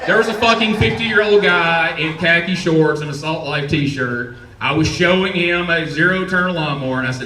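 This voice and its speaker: A man's voice: on the high side, moderate pace, sharp tone, recorded from a distance, a little hiss or hum. Profane Southern man doing stand-up, roomy. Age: 40s. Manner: profane, rambling and self-mocking. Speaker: stand-up comedian. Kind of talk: stand-up comedy set. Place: comedy club stage. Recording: roomy club sound from off-mic.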